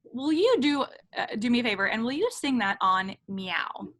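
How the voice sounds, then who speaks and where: Woman voice coach, bright lively delivery, coaching over a video call and singing examples. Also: on the high side, normal speed. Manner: demonstrates by singing meows. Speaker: voice teacher. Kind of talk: online voice lesson.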